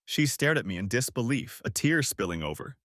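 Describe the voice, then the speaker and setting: A man's voice: medium pitch, sing-song, fairly quick, fairly bright tone, dry recording, studio quality. A man narrating a first-person drama story, cold and controlled in tone.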